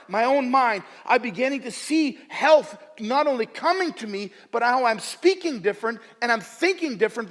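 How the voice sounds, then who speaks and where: A male pastor preaching a sermon with humor at his own expense, moving between soft asides and loud emphatic bursts and often repeating his phrases. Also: very high-pitched, long reverb tail. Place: church sanctuary.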